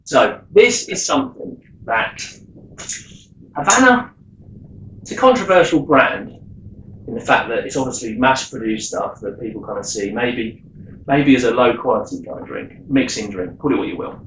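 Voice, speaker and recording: A man, telling stories in a chatty, animated way on a rum tasting vlog. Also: medium pitch, moderate pace, a little hiss or hum. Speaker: rum vlogger. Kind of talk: casual tasting vlog storytelling. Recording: echoey room.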